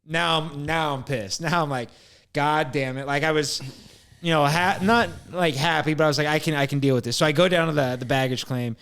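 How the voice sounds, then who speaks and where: This young podcast co-host is an animated storyteller, cursing freely and performing the back-and-forth as he tells a long tale on a casual show. His voice runs high, fairly quick, creaky yet smooth.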